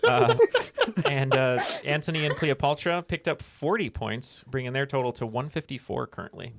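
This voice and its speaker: A man with a New Jersey accent, a contestant on a trivia podcast, chatty and excitable in casual banter. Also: medium pitch, brisk, vocal fry. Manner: chatty, excitable, rambling with fillers. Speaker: quiz contestant.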